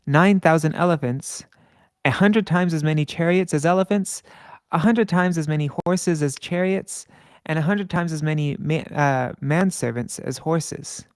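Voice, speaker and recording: A man reading scripture aloud with commentary. He chants verses slowly and stops to correct his own slips. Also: on the high side, clear, resonant tone, dry recording. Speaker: scripture reader.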